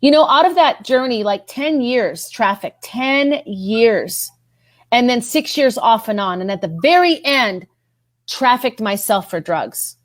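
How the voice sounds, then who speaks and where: A woman's voice: on the high side, animated, measured pace, no room sound. A woman guest on a podcast telling her personal story of faith, earnest and repeating herself as her voice rises when she is moved. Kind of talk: emotional personal testimony.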